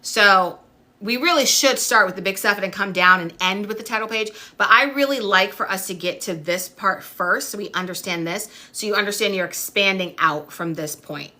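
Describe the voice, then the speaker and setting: A woman's voice: medium pitch, bright, forceful tone. A woman teaching a TV production class on a livestream, chatty and upbeat as she reads out viewers' comments. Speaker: TV production instructor. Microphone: phone or webcam on livestream.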